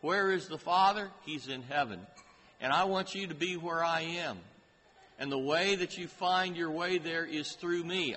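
A man preaching a sermon in a slow, deliberate way, lifting his voice to stress key phrases. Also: on the high side, sharp tone. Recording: hall reverb with faint ambient noise.

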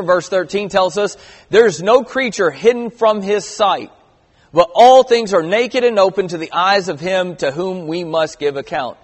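High-voiced man preaching in a reverberant hall. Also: slightly rough. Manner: conversational preaching with emphatic stresses and scripture reading. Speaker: pastor. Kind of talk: sermon.

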